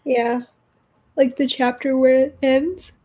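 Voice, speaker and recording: A woman's voice: high-pitched, fairly even intonation, slow pace, warm tone. A woman chatting casually in a book club, blunt and swearing easily. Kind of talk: casual chat.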